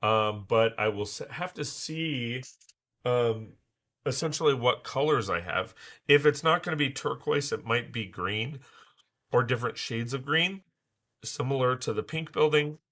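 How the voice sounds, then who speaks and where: A man hosting a casual livestream while he builds, rambling with many fillers and restarts, his voice hoarse as he recovers from losing it. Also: mid-range voice, a little slow, fairly bright tone. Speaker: livestream host building Lego.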